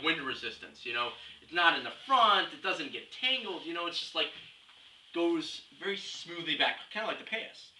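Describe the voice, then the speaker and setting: A man's voice: a little high, sharp tone. A young man delivering a rambling, scatterbrained comic rant with mock-serious reasoning, recorded at a distance in a roomy space with faint hiss. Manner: rambling, scatterbrained, jumps between topics. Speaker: comedy video blogger.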